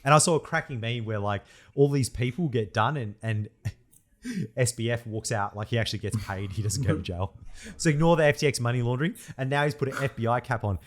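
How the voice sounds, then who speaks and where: A young man co-hosts a casual podcast chat, speaking at a medium pitch and a little fast. He's animated, laughs often, and says "mate" a lot.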